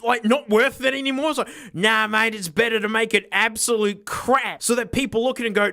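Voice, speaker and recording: A young man doing a sarcastic, animated unboxing review, breaking into shouts and laughs. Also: high voice, normal speed, few pauses, soft background music. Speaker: tech reviewer.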